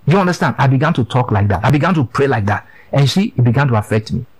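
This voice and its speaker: A man's voice: medium pitch, lively intonation, racing, hardly any pauses, slightly rough, poor audio. A man preaching a sermon, emphatic and repetitive, often asking listeners if they understand.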